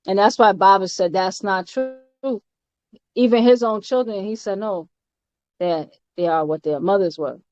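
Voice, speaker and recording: A woman giving an informal doctrinal teaching. She is emphatic and halting, with many fillers and repeated words, and often ends her points with "all right?". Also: medium pitch, a little mellow. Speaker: spiritual teacher. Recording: dull, lo-fi, dry recording.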